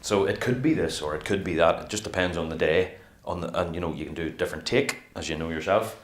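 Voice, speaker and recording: A middle-aged male actor chats about his craft in a casual interview. His voice is low, and he rambles with animation, slipping into little acted-out quotes. The room around him is echoey. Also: fast, slight background noise.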